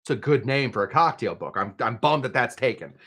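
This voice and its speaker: Chatty, joking bartender host. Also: male voice, medium pitch, animated, a little fast, sharp tone. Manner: chatty, jokey asides, frequent restarts. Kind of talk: casual livestream cocktail demo.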